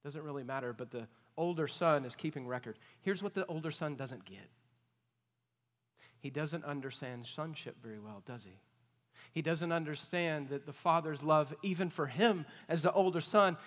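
A man preaching an expository sermon, emphatic and questioning, swinging between loud points and hushed asides. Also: on the high side, normal speed. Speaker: pastor. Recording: long reverb of a large hall.

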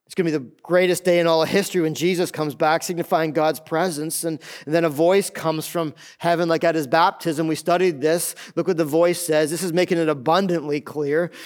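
A middle-aged man, a pastor preaching a sermon in an animated way, acting out the voices of others. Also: fairly high pitch, a little fast, hardly any pauses.

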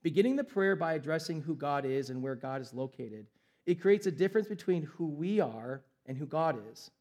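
A man in his thirties preaches with a fairly high voice. He speaks emphatically and slows right down on the phrases he wants to land, then speeds up again between them. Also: lively intonation, darkish tone. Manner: emphatic, varied pace with slowed stressed phrases. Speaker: pastor. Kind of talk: sermon.

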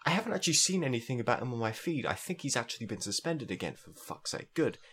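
A man's voice: medium pitch, sing-song, quick pace, fairly bright tone, slightly rough. A young man from southeast England with a southern English accent, co-hosting a casual podcast chat, swearing freely and ranting in fits and starts. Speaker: podcast co-host.

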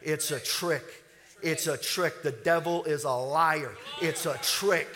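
A man's voice: on the high side, slow, bright, forceful tone. A man preaching a sermon as pastor, building with rising fervor and leading the congregation in call-and-response.

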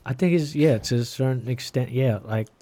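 A man's voice: mid-range voice, moderate pace, warm tone. A man in casual podcast chat, laid-back and agreeable, using plenty of slang. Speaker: podcast co-host.

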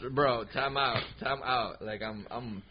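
A man's voice: mid-range voice, unhurried, a little hiss or hum. A man who is a guest on a casual podcast, telling stories in slangy talk full of fillers. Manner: animated, slangy storytelling with many fillers. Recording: dull lo-fi sound.

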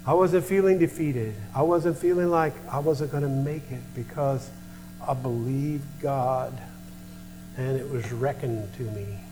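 A man's voice: medium pitch, a little slow, long reverb tail, over music, poor audio. An older man preaching a sermon, impassioned and repetitive, with folksy storytelling asides. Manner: impassioned preaching with repeated rhetorical questions. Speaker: pastor.

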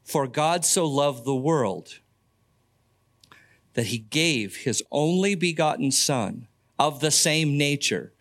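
A man's voice: fairly high pitch, animated, slow, fairly bright tone. An older man preaching a sermon as pastor, earnest, with folksy asides and stories about family.

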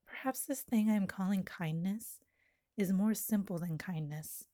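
Mellow woman reading a poem intimately. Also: mid-range voice, no echo, clean studio sound. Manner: slow, lyrical, intimate delivery. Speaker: poet. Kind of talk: poetry reading.

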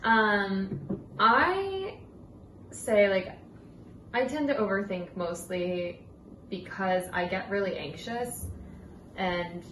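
A woman's voice: medium pitch, slow pace, pauses often, a bit bright. A young woman co-hosting a podcast in casual chat, talking loosely with many fillers and frequent laughs. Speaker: podcast co-host. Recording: roomy, slightly distant mic with faint room noise.

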